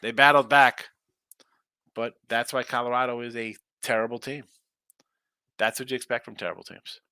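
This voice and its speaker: A man's voice: mid-range voice, steady tone, sharp tone, smooth, no echo, studio quality. A man hosting a sports betting show, chatting casually and sarcastically while reading viewer comments. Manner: brash, fast-talking, sarcastic. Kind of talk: casual live-stream talk, reading chat.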